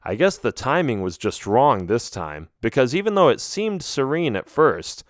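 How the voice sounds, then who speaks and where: A man narrating a children's audiobook in an expressive, first-person storytelling manner. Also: medium pitch, moderate pace, no room sound, studio quality.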